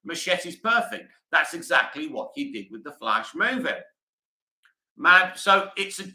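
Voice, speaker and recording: Bright-voiced British man chatting. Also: a little high, very animated, measured pace, reverberant, rough recording. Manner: chatty, blunt, reads comments aloud. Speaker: live stream host reading chat. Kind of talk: casual chat.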